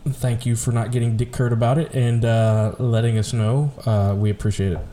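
A man's voice: mid-range voice, little pitch movement, moderate pace, warm tone, a little hiss or hum. A man co-hosting a casual podcast, talking in a loose, rambling way with some swearing. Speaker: podcast co-host.

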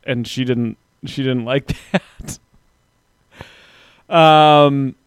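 Podcast host guy, smooth clear voice, dry close sound, rambly casual chat. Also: medium pitch, fairly even intonation, a little slow, dry recording. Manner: chatty, self-deprecating, reads out listener comments.

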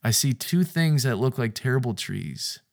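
A man giving a sermon-style podcast talk, stressing his points by repeating phrases and moving from hushed near-whispers to loud bursts. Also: medium pitch, lively intonation, moderate pace, gravelly.

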